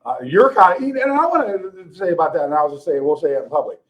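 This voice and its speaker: A man co-hosting a podcast chats casually, teasing his co-hosts, laughing often, and rambling with restarts. His voice is on the high side with big pitch swings, he talks fast, and the audio is poor.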